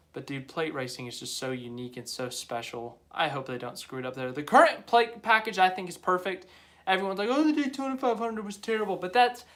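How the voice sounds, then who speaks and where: A man's voice: a little high, bright, forceful tone. A young man hosting a live stream, chatting casually and rambling as he reads viewer comments aloud. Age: young adult.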